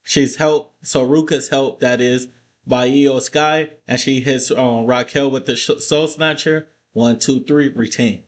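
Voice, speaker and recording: A man talks through a wrestling episode in a loose, casual vlog. He swears often and slides from plain recap into animated, heated rants. His voice sits at an ordinary middle pitch. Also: a little slow. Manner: profane, ranting, animated asides. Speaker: wrestling show reviewer.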